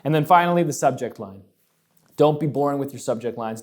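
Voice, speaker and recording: A man's voice: medium pitch, brisk, darkish tone. A young adult man hosting a casual advice talk, upbeat and joking as he lists tips with emphasis. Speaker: host.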